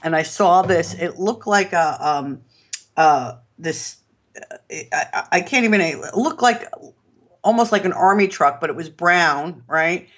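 A woman's voice: on the low side, expressive, unhurried. Chatty, enthusiastic woman with a New York accent. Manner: chatty and rambling, with many fillers and restarts; enthusiastic, laughs while talking. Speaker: podcast guest. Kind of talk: casual interview chat.

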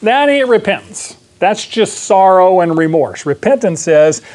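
Male Bible class teacher, high-pitched, lively preaching with questions to the class. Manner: lively, asks the class questions and acts out quick asides. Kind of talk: Bible study sermon.

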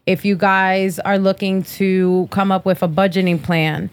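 A woman in her thirties hosts a podcast, her mid-range voice unhurried and fairly flat in pitch. She trades blunt, profane, sassy trash talk through casual chat and sponsor reads.

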